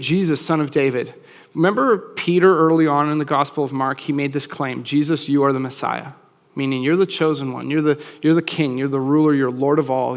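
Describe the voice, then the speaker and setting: Casual-talking pastor in a reverberant hall. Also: male voice, a little high. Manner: casual, conversational preaching with frequent restarts. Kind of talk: sermon.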